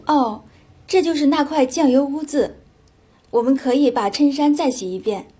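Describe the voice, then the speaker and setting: A woman's voice: high-pitched, moderate pace, warm tone, lightly acted. A woman playing a polite female hotel manager in a scripted learner dialogue, courteous and apologetic.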